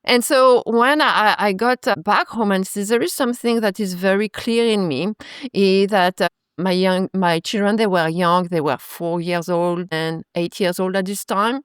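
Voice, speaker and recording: A woman's voice: mid-range voice, fairly even intonation, unhurried, smooth, no echo. Reflective woman yoga teacher, dry sound. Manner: reflective, retells stories with acted quotes, frequent restarts. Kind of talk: conversational interview.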